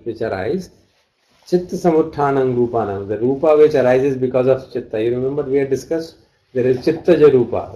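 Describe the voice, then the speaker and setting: A man's voice: medium pitch, mellow, poor audio. A man teaching a study class, reading out texts and glossing Pali terms as he explains them. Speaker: dharma teacher.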